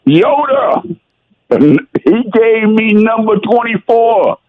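A man's voice: high voice, animated, drawn-out words, narrow, tinny audio, a crowd in the background. A man who played football, calling in to a radio show, tearful and exclamatory as he tells his story. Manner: emotional, tearful, exclamatory with "geez". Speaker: former football player, guest. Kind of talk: emotional radio interview storytelling.

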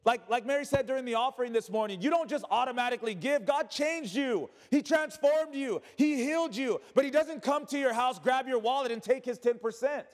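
High-voiced preaching pastor in a hall. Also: male voice, brisk, hardly any pauses. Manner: preaching with emphatic repetition, colloquial asides. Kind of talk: sermon.

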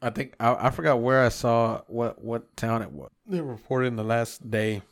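A man's voice: mid-range voice, moderate pace. A man co-hosting a podcast in casual, crude banter, rambling and swearing and laughing often. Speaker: podcast co-host.

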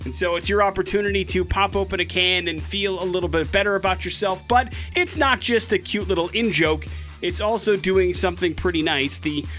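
Over faint music in the studio, a morning radio host tells a news item in a brisk, chatty way, slipping in dry, wry jokes. His voice is high, bright and forceful.

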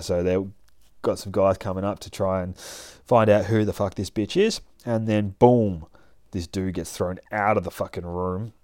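A man reads and recaps a comic book in a loose, rambling way, with swearing in nearly every line. His voice is low. The sound is dry with no room echo. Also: steady tone, a little slow, dark tone. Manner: profane, rambling, laid-back. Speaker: comic reader.

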